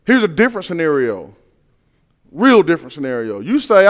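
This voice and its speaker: Earnest high-voiced man preaching. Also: big pitch swings, normal speed, big-room sound. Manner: earnest, swings between soft low asides and loud rising emphasis; conversational, uses everyday scenarios and repeats key phrases. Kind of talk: sermon.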